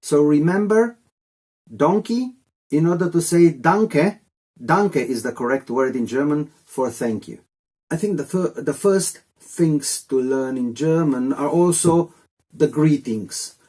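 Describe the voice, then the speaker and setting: Male tutor, relaxed mellow tone, loose jokey delivery for a casual video lesson. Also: a little high, takes it slowly. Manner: rambling, chatty, jokey asides. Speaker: language teacher.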